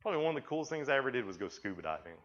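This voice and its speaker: His mid-range, fairly bright voice races along with big swings in pitch. The man preaches a chatty, folksy story sermon to youth, playing out lines of dialogue in quotes. It's a dull, lo-fi recording.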